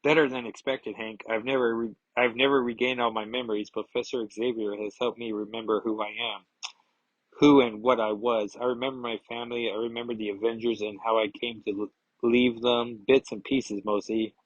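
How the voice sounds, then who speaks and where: A man reading aloud the lines of a grieving, angry woman superhero, with a husky voice. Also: mid-range voice, level tone, normal speed, no echo, highs cut off, lightly acted. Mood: composed.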